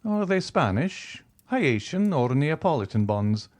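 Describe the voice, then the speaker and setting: A man plays a rich, coolly ironic nobleman in a storybook reading, his voice lifted noticeably higher than plain narration. The tone is smooth and mockingly polite, rising and falling in a lively way. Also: unhurried. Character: wealthy, suave, coolly ironic male nobleman. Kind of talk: audiobook character reading.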